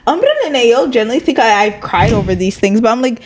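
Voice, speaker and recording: A young woman from Canada co-hosting a casual podcast, chatty and quick to laugh. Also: on the high side, expressive, crowd noise. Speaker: podcast co-host. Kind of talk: casual chat.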